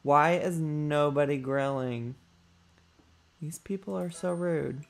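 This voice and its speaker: A man's voice: on the high side, slow pace, vocal fry. A man giving chatty let's play commentary, calling his viewers y'all and talking back to his character with sass. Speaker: gaming YouTuber.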